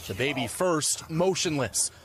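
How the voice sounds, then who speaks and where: Animated man narrating a news report. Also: on the high side, a little slow, very noisy. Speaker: news correspondent.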